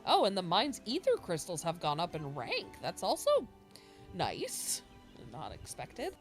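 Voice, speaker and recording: A woman hosting a video game playthrough, chatting excitedly and laughing as she plays. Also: fairly low pitch, unhurried. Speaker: let's play host. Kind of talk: casual gameplay commentary. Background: game music.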